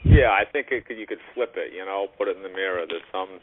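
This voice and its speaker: A man's voice: deep voice, quick pace, a little hiss or hum. A man with a Boston accent chatting on a call-in radio show, often chiming in with agreement, over a phone line. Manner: chatty, frequent agreeing interjections.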